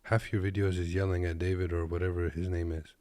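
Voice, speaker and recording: Man from Kazakhstan, trucker, joking reaction commentary, very deep voice, dry close sound. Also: flat delivery, fast, dark tone, no room sound. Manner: laid-back, joking, talks to viewers as "boys". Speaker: truck driver and reaction video host. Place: at his desk.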